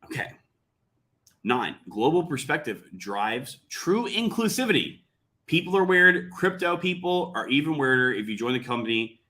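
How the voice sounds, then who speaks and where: A man's voice: mid-range voice, expressive, moderate pace, pushed and bright. A man reading a document aloud and commenting on it with sarcastic, mocking asides. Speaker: commentary vlogger.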